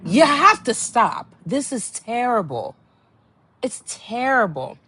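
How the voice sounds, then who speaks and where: Blunt, animated woman podcaster. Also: slow pace, husky. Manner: blunt and exasperated, swings from low murmurs to high outbursts. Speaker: podcast host. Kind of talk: candid storytelling monologue.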